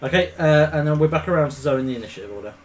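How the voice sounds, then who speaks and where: A man's voice: on the high side, lively intonation, very fast, slight background noise, low-quality recording. A man running a tabletop game as game master, patiently explaining the rules step by step.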